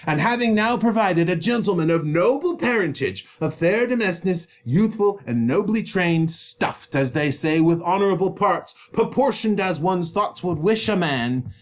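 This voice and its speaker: Bullying old patriarch in a fury, a man reads him, barked clipped threats, animated pitch. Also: a little slow. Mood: furious. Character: furious domineering older male lord, father. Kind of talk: dramatic reading of a play.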